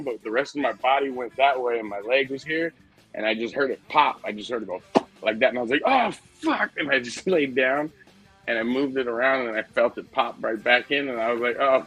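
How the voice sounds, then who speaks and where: A middle-aged man with a husky voice, co-hosting a casual podcast chat and telling stories with plenty of swearing and laughter. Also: mid-range voice, fairly bright tone, poor audio. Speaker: podcast co-host.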